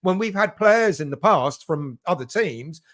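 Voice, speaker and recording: A man's voice: high voice, expressive, unhurried, fairly bright tone. A middle-aged man from England hosting a live fan stream, chatting casually and greeting each viewer as mate.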